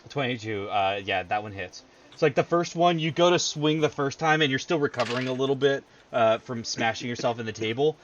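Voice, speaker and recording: A man runs a tabletop game as game master, describing hits and rolls in an easygoing way with quick asides. The stream audio sounds dull and lo-fi, with faint background hiss. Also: mid-range voice, a bit bright. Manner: easygoing, laughs often, fast asides. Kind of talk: running a tabletop game, casual.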